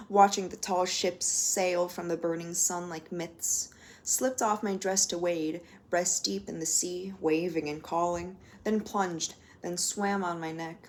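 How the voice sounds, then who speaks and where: A woman reading poems aloud at home in a measured way, lingering on single words. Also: on the low side, slight background noise. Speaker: poetry reader.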